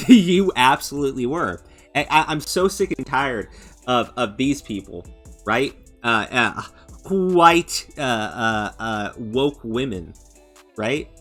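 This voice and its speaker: A man's voice: mid-range voice, expressive, a bit bright. A man hosting a commentary channel, ranting in a sarcastic, mocking and profane way, stumbling over restarts and fillers. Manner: halting restarts and stammered fillers. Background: faint background music.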